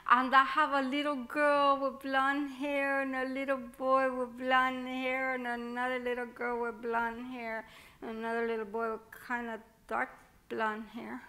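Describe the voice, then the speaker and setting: A woman's voice: high-pitched, completely flat delivery, measured pace, sharp tone, heavily acted. A woman performing a spirited Mexican-American little girl starting first grade, chatty and childlike, with a Mexican-American accent and Spanish phrases mixed in. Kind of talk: one-woman theatre monologue.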